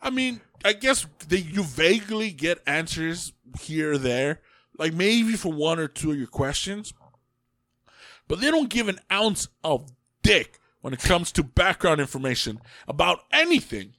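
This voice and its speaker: A man co-hosting a casual podcast chat, profane and animated, often laughing. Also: fairly high pitch, a little slow, no echo, studio quality. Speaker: podcast co-host.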